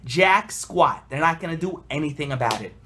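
A young man, a rabbi, giving an animated, emphatic Torah talk to the camera from his desk, slipping in Hebrew and Yiddish terms. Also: a little high, moderate pace, a little hiss or hum. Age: young adult.

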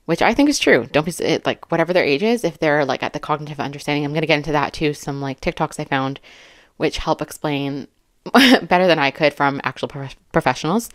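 A woman's voice: deep voice, lively intonation, fairly quick, dry recording, clean studio sound. A woman in her thirties who sounds a little out of breath, reading a list aloud and commenting on each item in a chatty, filler-heavy way. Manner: chatty, filler-heavy, laughs between remarks. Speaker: commentary YouTuber. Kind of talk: casual commentary, reading and reacting.

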